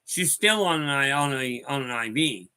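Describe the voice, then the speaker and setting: Bright-voiced man chatting to viewers. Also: medium pitch, animated, moderate pace, smooth. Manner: rambling storyteller, addresses viewers by name. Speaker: host of a spiritual talk stream. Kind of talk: casual talk answering viewer chat.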